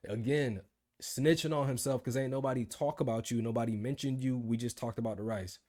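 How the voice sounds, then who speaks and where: A man's voice: medium pitch, steady tone, a little fast, mellow. A man in his twenties ranting about his job in a casual video diary, telling the story with slang. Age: 20s. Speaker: vlogger.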